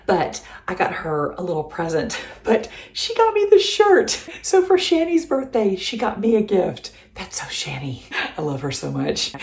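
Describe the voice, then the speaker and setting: A middle-aged woman with a low, slightly mellow voice hosts a relaxed home cooking show from her kitchen. She's talkative and affectionate, laughs often, and the sound is roomy.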